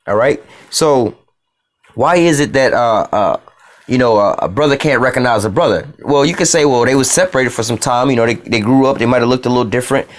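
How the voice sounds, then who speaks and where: A man's voice: mid-range voice, fairly quick. A man teaching from the Bible in a loose, casual way, often saying "you know" and "all right".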